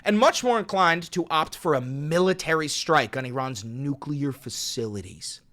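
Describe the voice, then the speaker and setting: Profane, fired-up man with a bright voice. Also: a little high, expressive, moderate pace. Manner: profane, sarcastic, heated. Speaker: political commentary vlogger. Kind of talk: ranting political commentary.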